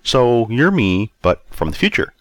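A man's voice: medium pitch, very animated, a little slow, dry recording. A man reading an audiobook, voicing the narrator's younger self as a naive, curious young man with wisecracking questions. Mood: eager, curious.

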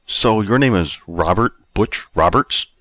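A man's voice: fairly low pitch, animated, measured pace, a bit bright, no echo, clean studio sound. A man reading an audiobook, voicing the narrator's younger self as a naive, curious young man with wisecracking questions. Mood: eager, curious.

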